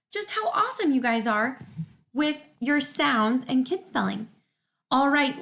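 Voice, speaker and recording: A woman, a teacher giving a remote reading lesson to young children from home on a laptop mic, enunciating each word slowly and clearly and sounding encouraging. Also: on the high side, fairly bright tone. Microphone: laptop computer mic.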